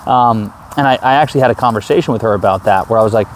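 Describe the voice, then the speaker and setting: A man in his thirties, talking earnestly in a rambling personal video diary, with many halting restarts. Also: mid-range voice, slight background noise. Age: 30s. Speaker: vlogger.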